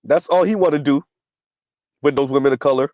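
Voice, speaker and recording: A man's voice: a little high, fairly quick, darkish tone, no echo, highs cut off. A man hosting a casual commentary stream who reads viewer comments aloud, keeps asking "right?", and has a dry cough. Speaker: commentary channel host.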